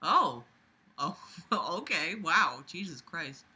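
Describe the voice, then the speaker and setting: A woman's voice: low-pitched, very animated, takes it slowly, bright, forceful tone. A woman reading a fan story aloud and breaking off with sarcastic, swear-filled commentary. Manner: sarcastic, swears often, exasperated. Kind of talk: mocking read-aloud commentary.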